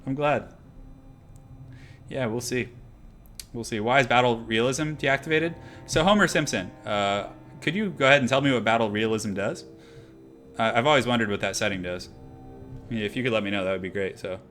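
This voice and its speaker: A man's voice: medium pitch, moderate pace, pauses often, fairly bright tone, soft background music. Laid-back young male game streamer. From half Irish heritage. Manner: laid-back, rambling, lots of fillers. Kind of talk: casual live-stream commentary.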